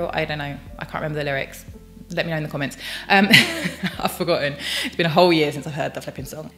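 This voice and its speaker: A woman's voice: sits low, fast talker, a bit bright, faint music behind. A British woman talking in a chatty, bubbly vlog, full of rambling asides. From United Kingdom. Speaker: vlogger. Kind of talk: personal vlog, casual chat.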